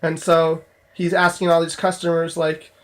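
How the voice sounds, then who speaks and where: A man's voice: a little high, completely flat delivery, normal speed, a bit bright. A young man casually telling a story from his job in a vlog, rambling with lots of fillers and restarts. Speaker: store clerk telling a work story.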